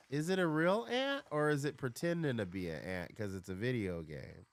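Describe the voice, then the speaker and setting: A man livestreaming a video game, chatting casually and thinking out loud as he plays. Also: medium pitch, lively intonation, normal speed, hardly any pauses, no echo. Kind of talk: casual gameplay commentary.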